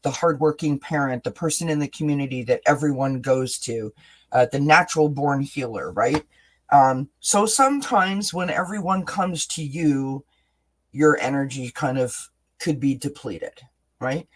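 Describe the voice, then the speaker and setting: A man hosting a live tarot reading, encouraging and halting, with many fillers and restarts. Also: fairly high pitch. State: briefly emotional. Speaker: tarot reader, host.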